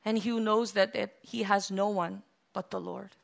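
A woman preaching a sermon, retelling a story softly and then building to loud, impassioned appeals. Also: medium pitch, steady tone, moderate pace, gravelly.

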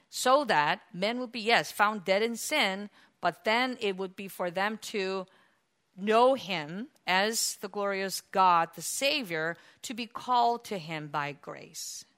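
A woman preaching a sermon in an animated storytelling manner, asking the congregation questions and answering them herself. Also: mid-range voice.

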